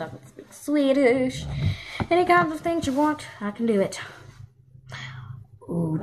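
A woman talking in a giggly, playful, rambling way while acting out doll play. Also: on the high side. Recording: loud background noise.

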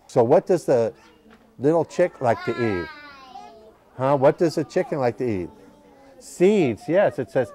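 A man's voice: medium pitch, lively intonation, measured pace, pauses often, mellow. A man reading a picture book to children at a library, patiently asking the children questions as he goes. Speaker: library storytime reader.

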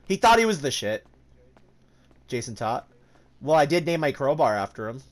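A man's voice: medium pitch, very animated, normal speed. A man streaming a game, chatting casually with lots of swearing, jokes and laughter. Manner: joking, swearing, laughing often. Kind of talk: casual gaming commentary.

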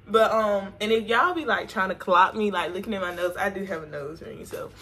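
Doing her makeup in front of the camera mic, a woman beauty vlogger keeps up a playful get-ready-with-me chat full of slang. She talks at a medium pitch, a little fast, with a fairly bright tone.

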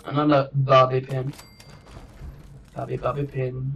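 A man's voice: medium pitch, little pitch movement, slow pace. A man casually commentating his own gameplay, rambling and joking, trailing off and restarting as he goes. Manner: rambling and jokey, trails off and restarts, chuckles often. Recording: dull distant mic with faint hiss.

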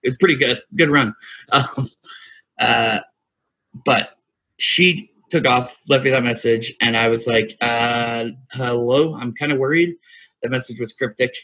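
This podcast co-host, a man in his thirties, spins a long, rambling story with frequent laughter and free swearing in casual chat. He speaks a little slowly in a steady, mid-range voice that's bright and forceful. It's captured lo-fi on one USB mic.

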